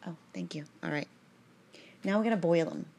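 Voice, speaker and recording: A woman with a slightly low voice reads a religious text aloud in a home kitchen. She drifts into chatty, rambling asides and keeps tacking "right?" onto her sentences. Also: brisk, a little mellow.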